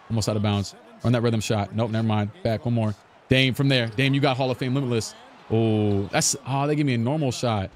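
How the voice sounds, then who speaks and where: A man's voice: fairly low pitch, darkish tone, a little hiss or hum. A young man commentating his own basketball video game play, taunting opponents and repeating phrases. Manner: trash-talking, repetitive, taunting. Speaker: gaming streamer.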